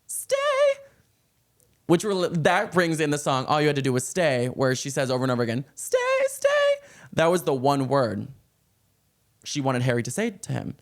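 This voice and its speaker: Gushing pop culture vlogger with vocal fry. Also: male voice, mid-range voice, moderate pace. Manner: breathless, gushing, reads song lyrics aloud. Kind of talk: excited celebrity gossip vlog.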